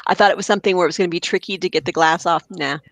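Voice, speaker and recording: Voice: mid-range voice, fairly even intonation, rapid-fire, a bit bright, no room sound, poor audio. A podcast co-host chatting casually and enthusiastically about fixing up old arcade machines, with lots of fillers and restarts.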